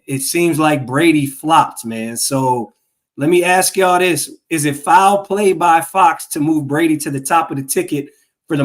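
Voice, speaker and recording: A man from Minneapolis co-hosting a podcast, chatting about sports in a laid-back, playful way. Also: a little high. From Minneapolis, USA. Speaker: podcast co-host. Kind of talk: casual sports talk.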